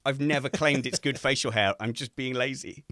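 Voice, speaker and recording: A man hosting a casual podcast livestream from home, animated and joking. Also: medium pitch, moderate pace, no room sound, clean studio sound. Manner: animated, jokey. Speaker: podcast host. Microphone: streaming mic.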